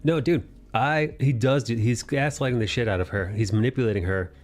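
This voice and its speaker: A young man hosting a casual anime discussion podcast, recapping scenes animatedly and jumping into quick character voices. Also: mid-range voice. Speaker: podcast host.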